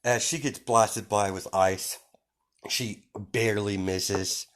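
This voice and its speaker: A man's voice: fairly low pitch, steady tone, slow pace. A man casually improvising a fan story, rambling with many fillers and restarts.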